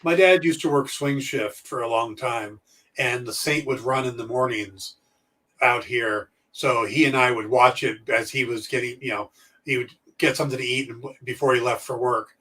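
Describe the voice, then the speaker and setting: A man's voice: medium pitch, fairly even intonation, moderate pace, sharp tone, distant mic. A man co-hosting a podcast, chatting casually and opinionated, rambling with fillers. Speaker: podcast co-host. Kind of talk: casual chat.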